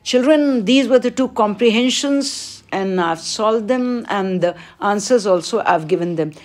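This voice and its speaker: A woman, teaching as she works through an exam paper, reading each question aloud and then explaining the answer with pauses. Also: mid-range voice, a little mellow. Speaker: English teacher. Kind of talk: exam paper walkthrough lesson.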